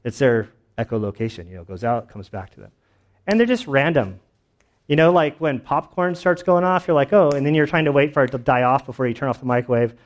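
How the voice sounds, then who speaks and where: A man's voice: mid-range voice, lively intonation, a little fast. A man preaching a sermon in a casual, conversational way, telling stories with lots of fillers and restarts. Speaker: pastor.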